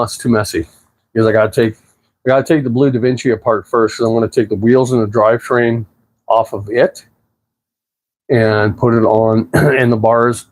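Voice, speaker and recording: Rambling man. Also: medium pitch. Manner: rambling, relaxed, with swearing and many fillers. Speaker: livestreamer. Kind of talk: casual livestream chat answering viewers. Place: apartment at home.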